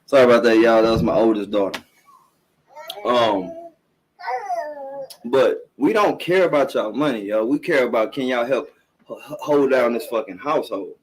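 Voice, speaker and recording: A man's voice: mid-range voice, lively intonation, normal speed, long pauses, a little hiss or hum, low-quality recording. A middle-aged man hosting a live-streamed podcast, ranting bluntly and emphatically, swearing often and repeating himself. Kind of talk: casual profane commentary rant.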